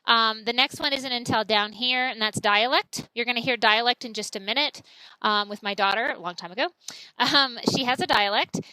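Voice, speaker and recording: A woman's voice: on the high side, moderate pace, bright, forceful tone, dry recording, rough recording. A woman, teaching a class in a chatty, explanatory way and saying example words aloud. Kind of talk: classroom lecture.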